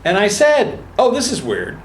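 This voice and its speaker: A man's voice: sits high, wildly swooping pitch, normal speed, a little hiss or hum. A man telling a personal story to an audience at a book talk, acting out the voices of the people in it. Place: meeting room before an audience. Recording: echoey room with faint ambience.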